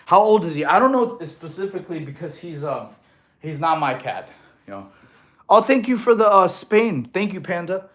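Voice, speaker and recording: A man's voice: high voice, very animated, normal speed, fairly bright tone. A man in his thirties from Russia, streaming live as a fitness coach and chatting through viewer comments, a little out of breath after exercise. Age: 30s. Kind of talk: casual livestream chat.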